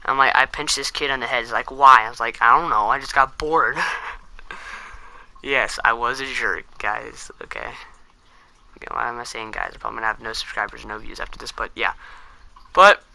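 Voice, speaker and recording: A man's voice: medium pitch, fairly quick, gravelly, long pauses, bright, forceful tone. A teenage boy telling a story to camera in a rambling, self-mocking way, full of fillers. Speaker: vlogger.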